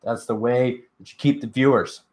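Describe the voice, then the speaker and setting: Hosting a laid-back stream, a sleepy young man yawns and rambles, full of fillers, reading chat messages aloud and answering them. His mid-range, darkish voice stays fairly even at a moderate pace.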